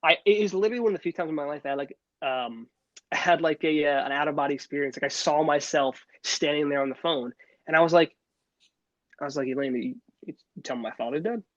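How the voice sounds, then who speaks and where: Young guy rambling fast on a podcast, lots of restarts, kinda high voice, dull lo-fi sound. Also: no room sound. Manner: rambling, many restarts and fillers. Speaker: podcast co-host. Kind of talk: casual chat.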